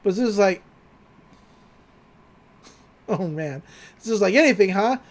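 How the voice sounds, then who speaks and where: This podcast co-host draws out her words in a mid-range voice while animatedly retelling a cartoon episode. She acts out lines from the characters and laughs a lot throughout the casual recap.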